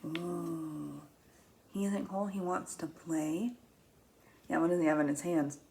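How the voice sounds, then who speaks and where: A woman teaching young children, reading a picture book aloud in an animated, expressive way, gasping and asking them questions. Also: low-pitched, creaky, slight background noise. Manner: animated and expressive, with frequent gasps and drawn-out words.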